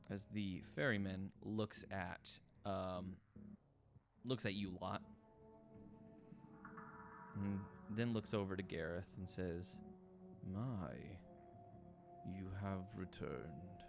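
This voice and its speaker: A man's voice: low-pitched, gravelly. A man narrating a tabletop role-playing game as game master, in a loose, filler-heavy way.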